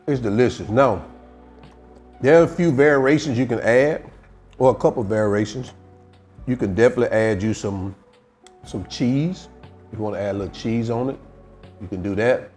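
A man talks through his home cooking video in a laid-back, chatty way. His voice sits at a middle pitch, unhurried and friendly in tone as he tastes and describes the food. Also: a little mellow, soft background music. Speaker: home cook and channel host. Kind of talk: casual cooking video chat.

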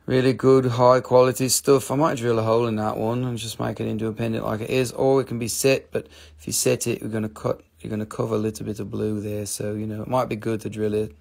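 A man's voice: lowish voice, level tone, fast, vocal fry, a little mellow. A man with a mid-Atlantic American accent running a live sales stream of rocks and minerals, with chatty, upbeat salesman patter, talking into a phone held in his hand.

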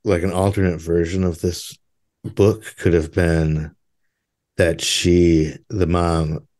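Podcast co-host, male, 30s, very low voice, loose and jokey. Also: little pitch movement, takes it slowly, a little mellow. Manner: rambling, jokey, laughs often. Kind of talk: casual chat.

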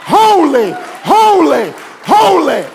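A man preaching a sermon to a congregation, calling on them to respond, moving from hushed teaching to shouted preaching. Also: extremely high pitch, big pitch swings, slow, gravelly, some chatter behind, slight background noise. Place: church sanctuary with congregation.

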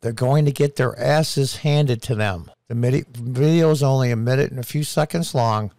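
Middle-aged guy ranting his opinions, emphatic, slows down to hammer points, dry close sound. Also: medium pitch, vocal fry, darkish tone, no room sound. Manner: indignant, emphatic, punches key phrases slowly. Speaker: political commentator. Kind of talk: opinion commentary.

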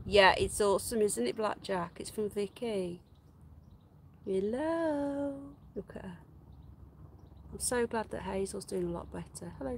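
Gravelly-voiced woman cooing at pets. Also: fairly bright tone, slight background noise. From United Kingdom. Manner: coos at pets in a high, slow baby voice between chatty asides to viewers. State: unwell, voice going. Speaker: livestream host. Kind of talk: casual live-stream chat. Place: garden outdoors.

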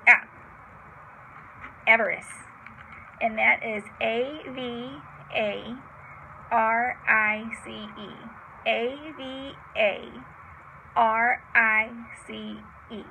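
Woman teacher, higher pitch, gravelly, slow patient spelling, chatty. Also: fairly even intonation, bright, forceful tone, muffled recording, a little hiss or hum. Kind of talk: homeschool vocabulary lesson, spelling words aloud.

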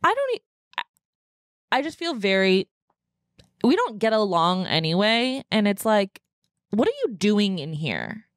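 A woman's voice: medium pitch, big pitch swings, measured pace, pauses often, no room sound, clean studio sound. A woman podcast host in a casual solo rant, venting in a profane, fired-up way from her home podcast room.

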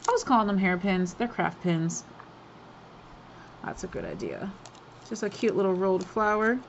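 A woman's voice: medium pitch, sing-song, normal speed, gravelly, highs cut off, a little hiss or hum. A woman hosting a craft swap, chatting casually and gushing over each item as she unboxes it, laughing often.

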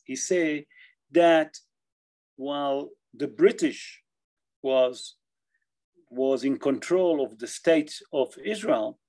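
A rabbi teaches a Torah class, explaining Jewish law haltingly as he repeats and restarts phrases and checks in with his listeners. His voice is a little high with a darkish tone, and the recording quality is poor.

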